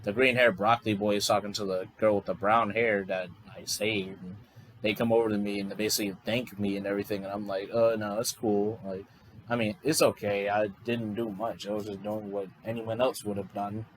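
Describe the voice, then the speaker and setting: A man's voice: lowish voice, level tone, brisk, a little hiss or hum, poor audio. A man casually improvising a story, rambling loosely with lots of fillers and restarts. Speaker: fan storyteller.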